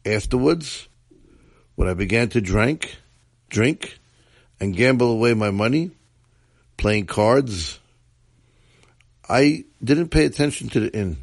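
A man's voice: mid-range voice, animated, slow, vocal fry, long pauses, dry recording, exaggerated voice. A man voicing a dying, repentant old innkeeper who pleads in a weak voice. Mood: pleading. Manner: pleading, remorseful confession.

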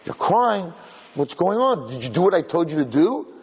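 Man doing a worried kind teacher, gentle questions, kinda husky, echoey. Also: medium pitch, fast talker. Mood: concerned. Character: kindly older male teacher, concerned. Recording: echoey hall.

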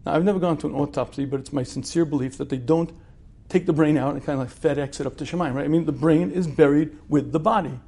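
A man with a somewhat high voice teaches in a relaxed, conversational way. He poses rhetorical questions, pauses to clear his throat, and keeps the lecture informal. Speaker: religious teacher.

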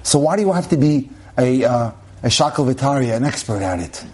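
Giving a Torah class as a rabbi, a man lectures on relationships, stressing points through repetition and sprinkling in Hebrew terms with emphatic delivery. He has a darkish, mid-range voice that is animated and fairly quick.

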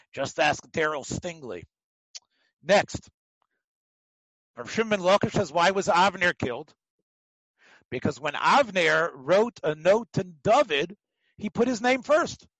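A man teaching a Talmud class, telling the stories in an animated way, acting out the quotes and often restarting his sentences. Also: high voice, dry recording, rough recording. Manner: animated storytelling, acts out quotes, frequent restarts. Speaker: Torah teacher.

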